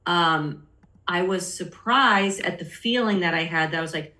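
A woman's voice: on the low side, unhurried, pushed and bright. A middle-aged woman, a podcast guest, telling her personal story candidly and acting out the voices of people she quotes. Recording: roomy echo.

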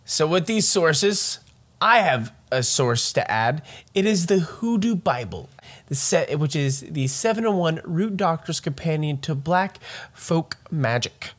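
A man co-hosting a casual comedy podcast, joking, swearing and laughing often. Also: a little high. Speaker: podcast co-host.

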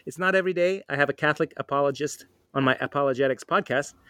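A man's voice: a little high, fast, bright, forceful tone, smooth, no room sound. Male podcast host with a dry, close sound. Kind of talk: casual podcast interview.

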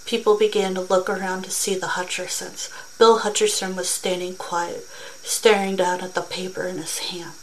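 A woman reading a short story aloud in a steady, measured way. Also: fairly low pitch, a little hiss or hum, poor audio. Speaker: reader.

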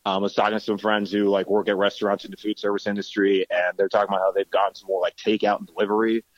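A man's voice: on the low side, little pitch movement, fast talker, no room sound. A man joining a podcast as a guest, telling self-deprecating stories with jokes in casual chat. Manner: joking, self-deprecating storytelling. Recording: dull, dry lo-fi sound.

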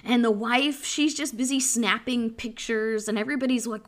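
Impassioned high-voiced woman host. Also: normal speed. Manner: impassioned, preachy, with repeated restarts. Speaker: podcast host. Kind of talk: political commentary monologue.

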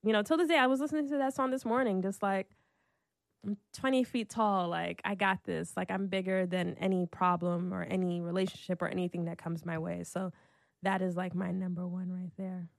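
A woman's voice: lowish voice, a little fast, gravelly, no echo, studio quality. A young adult woman telling a personal story in casual chat, acting out what everyone said and saying "like" a lot. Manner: animated, acts out quotes, lots of "like".

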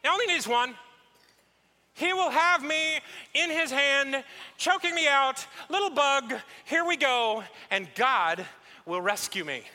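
A preacher playing an excitable young man pitching a plan. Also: slow, heavily acted. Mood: eager. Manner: excitable, rambling, salesman-like. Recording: echoey hall.

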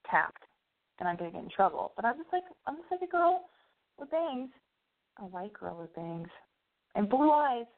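A young woman hosting an online radio show, telling a story in a rambling, profane, self-interrupting way. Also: mid-range voice. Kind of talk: casual rambling monologue. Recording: phone-like narrow band audio.

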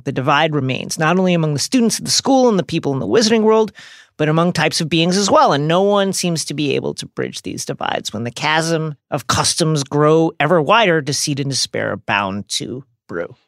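Wry man narrating a measured recap. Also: a little high, lively intonation, fairly bright tone, dry recording, studio quality. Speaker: podcast co-host. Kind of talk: scripted recap with commentary.

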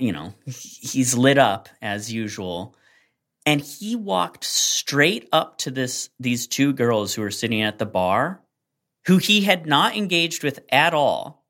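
A man co-hosting a casual podcast chat, telling a long anecdote in a rambling, animated way with lots of fillers. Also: medium pitch. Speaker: podcast co-host.

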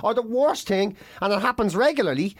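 A man's voice: high voice, lively intonation, fairly quick, no echo, clean studio sound. An Irish man in his thirties, a comedian telling rambling, sweary stories in casual chat. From Ireland.

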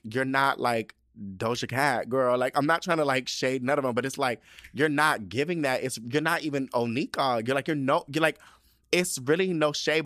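A man hosting a casual solo podcast, sassy and animated, using slang and swearing, often jumping into high excited bursts. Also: no echo, clean studio sound. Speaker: podcast host.

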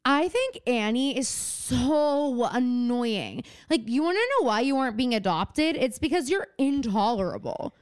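A woman co-hosting a podcast in casual chat, animated and profane, breaking into mocking impressions. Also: on the high side, a little slow, few pauses, smooth, no echo, clean studio sound. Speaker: podcast co-host.

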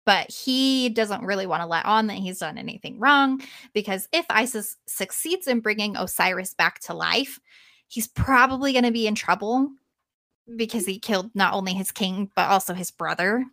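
Casting: casual, lively woman storyteller, middle pitch, dry studio sound. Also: normal speed, dry recording. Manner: lively, casual swearing, acts out quotes. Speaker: podcast host.

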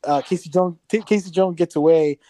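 A man's voice: a little high, a little fast, dark tone, slight background noise. A man chatting casually on a podcast, rambling with many restarts and swearing offhand. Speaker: podcast co-host.

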